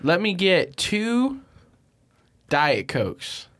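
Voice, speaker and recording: A young man with a fairly high voice jokes crudely through a prank call. He talks casually, laughs a lot and is audibly high. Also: big pitch swings, very slow, fairly bright tone. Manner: crude, joking, laughs often. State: high, intoxicated. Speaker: podcast host. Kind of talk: casual chat, prank calling.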